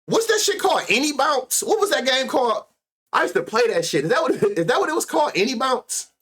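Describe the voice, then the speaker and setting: Profane, animated sports-betting host. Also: male voice, very high-pitched, brisk, husky. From United States. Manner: animated, profane, laughs often, reads stats aloud under his breath. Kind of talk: casual live-stream sports talk.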